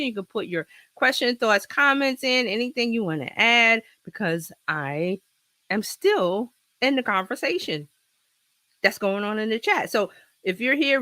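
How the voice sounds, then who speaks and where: A slightly high, sharp-toned female voice comes across without echo. She hosts a laid-back livestream from her home office via a laptop and external mic, talking chattily and rambling, laughing often despite a slight cold in her throat.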